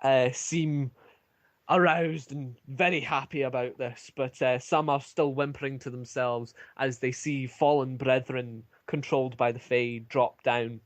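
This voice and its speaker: A male game master narrates a fantasy battle at an unhurried pace. He hesitates often and fills the gaps with ums. The recording is dry and close, with no room sound. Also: medium pitch, steady tone, no room sound.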